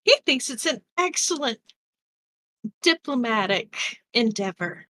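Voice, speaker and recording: A man voicing a brisk, confident female hunter who leads a team, smug and cheery. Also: very high-pitched, sing-song, pushed and bright, dry recording, pitched above the performer's own voice, full character voice. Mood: amused, smug.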